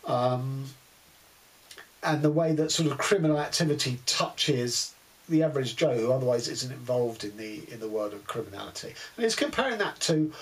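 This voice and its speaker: A man's voice: medium pitch, lively intonation, normal speed, rough recording. A man giving a casual book review, wry and exasperated, with many fillers.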